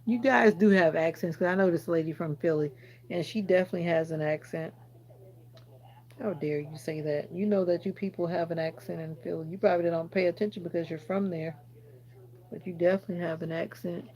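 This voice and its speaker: Gravelly Jamaican woman chatting on a livestream. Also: fairly low pitch, steady tone, fairly quick, darkish tone, low-quality recording. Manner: chatty, teasing, answers viewers directly. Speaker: livestream host. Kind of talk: casual livestream chat reading comments.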